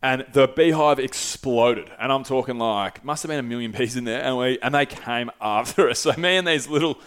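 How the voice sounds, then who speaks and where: A young man hosting a podcast, telling a travel story in a rambling, sweary, animated way. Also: mid-range voice, moderate pace, clean tone. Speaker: podcast host. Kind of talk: casual solo storytelling.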